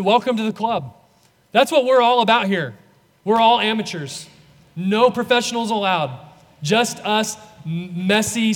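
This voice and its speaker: Earnest high-voiced male pastor. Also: in a large hall. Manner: earnest, drops to soft, slow closings. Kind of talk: sermon. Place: church sanctuary.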